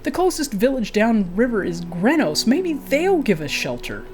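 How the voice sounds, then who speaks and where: A woman voicing a drunken, grumbling male elf boat captain who talks slowly and slurs. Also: fairly high pitch, very animated, a little mellow, faint music behind. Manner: slurred, slow and exasperated.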